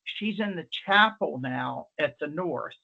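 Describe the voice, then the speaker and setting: A man's voice: on the high side, animated, unhurried, creaky, pushed and bright. A man with a slightly raised voice tells a workplace story during an online presentation. He rambles and restarts often, and the call audio comes through dull and lo-fi. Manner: rambling, chatty, many fillers and restarts. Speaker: nurse presenter. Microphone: video call.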